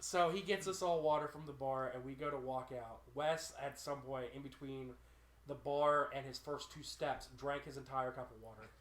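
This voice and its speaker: A man's voice: medium pitch, steady tone, normal speed, fairly bright tone. A man on a podcast telling a funny story, acting out his friends' lines as he goes. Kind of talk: casual group chat. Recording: roomy room echo.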